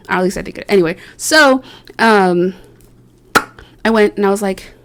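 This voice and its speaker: A young woman vlogger telling a casual, rambling story about herself, chatty and self-mocking, with lots of fillers and quoted asides. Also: mid-range voice. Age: young adult.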